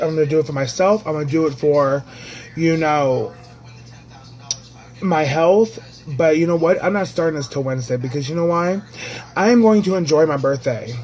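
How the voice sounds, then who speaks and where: A man's voice: fairly high pitch, a little mellow, slight background noise, low-quality recording. A man telling a personal story in a casual vlog, chatty and rambling, restarting his sentences often. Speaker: vlogger.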